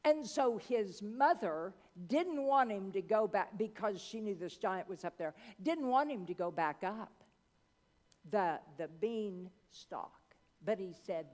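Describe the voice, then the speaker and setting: A woman preacher telling a fairy tale in a sermon, dramatic, with long pauses and chatty asides, in a church hall. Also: mid-range voice, lively intonation, a little mellow. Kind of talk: sermon storytelling.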